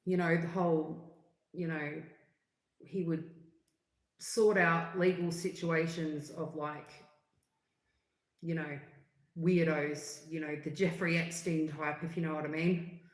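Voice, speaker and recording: A woman, chatting in a rambling, relaxed way on a livestream, full of fillers and asides. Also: deep voice, slow pace, long pauses. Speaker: livestream host. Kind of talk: casual livestream chat. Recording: echoey room.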